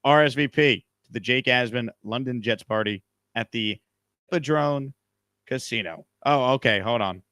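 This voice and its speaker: A man's voice: medium pitch, moderate pace, bright, forceful tone, no echo, clean studio sound. A man hosting a casual live stream from a hotel room, upbeat and reading out viewer comments. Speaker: show host.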